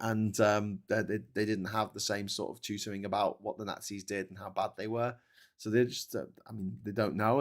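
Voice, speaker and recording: A British man hosting a casual live stream, reading viewer comments aloud and wandering off on chatty tangents with frequent laughs and restarts. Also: fairly low pitch. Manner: chatty, digressive, laughs often, stammering restarts. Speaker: host.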